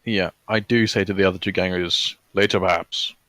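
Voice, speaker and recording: A man playing a tabletop role-playing game, joking and describing his character's actions in a playful way. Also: sits low. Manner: playful, animated, quick to laugh. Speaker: player.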